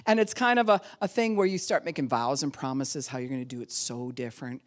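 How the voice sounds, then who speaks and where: A woman pastor preaching a sermon in an animated way, laughing often and acting out the voices she quotes. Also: rumbling low, quick pace, slight background noise.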